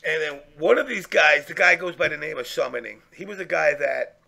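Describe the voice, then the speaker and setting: A man telling a profane, animated story in casual chat, acting out the people he quotes. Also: fairly high pitch, brisk, creaky.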